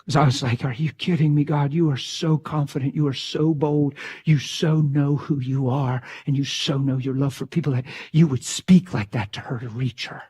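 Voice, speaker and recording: A middle-aged man preaching a sermon, telling a story with dramatic swings from hushed tones to loud outbursts. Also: mid-range voice, steady tone, moderate pace, slightly rough.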